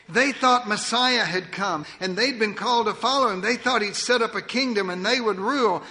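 High bright-voiced preacher guy, dramatic sermon, goes from booming to hushed, big echoey hall. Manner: theatrical, swings from booming to hushed. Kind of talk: dramatic first-person sermon monologue. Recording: long hall reverb.

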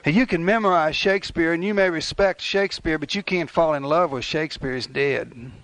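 A man's voice: fairly high pitch, brisk, fairly bright tone, no room sound. An older man preaching a sermon in a folksy, conversational way, acting out little asides. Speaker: pastor.

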